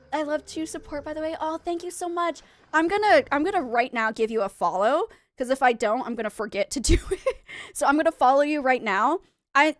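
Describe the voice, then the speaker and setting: Very high-voiced bubbly woman streamer. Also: dry recording. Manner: bubbly and excitable, laughs often. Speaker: variety streamer. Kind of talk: live game stream chat.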